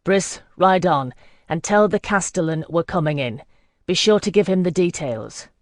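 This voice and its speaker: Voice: mid-range voice, normal speed, dry recording, studio quality, lightly acted. A reader voicing a curt, shrewd scout captain. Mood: commanding. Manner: clipped, commanding. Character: seasoned male border scout leader, curt and shrewd.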